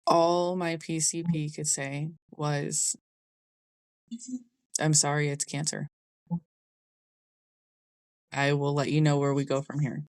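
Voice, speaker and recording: A woman's voice: low-pitched, level tone, unhurried, hardly any pauses, a little mellow, clean tone, no echo. A young adult woman hosting a podcast, telling a personal story in a candid, conversational way. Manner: candid, conversational, Southern 'y'all'. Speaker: podcast host.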